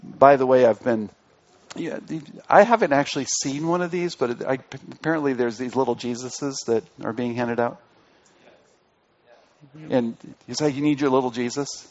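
A man's voice: medium pitch, normal speed. A male pastor giving an interactive sermon, asking the congregation questions and repeating key phrases. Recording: dull lo-fi recording.

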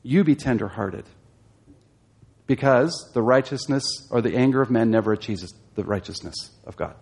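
Man, Bible study teacher, explanatory, emphatic, questions the class, mid pitch. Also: moderate pace, creaky, darkish tone, husky. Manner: explanatory, rising emphatic when exhorting, asks the class questions.

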